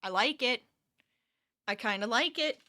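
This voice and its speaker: A woman's voice: fairly high pitch, expressive, measured pace, pushed and bright, no room sound, studio quality. A tired woman chatting casually with her viewers during a live crochet stream from her home office, laughing often and reading chat aloud.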